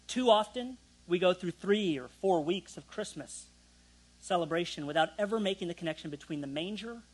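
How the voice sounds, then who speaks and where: A man's voice: high-pitched, a bit bright, husky, poor audio. A young man preaching a sermon in a conversational way, with self-deprecating asides to the congregation. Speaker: pastor.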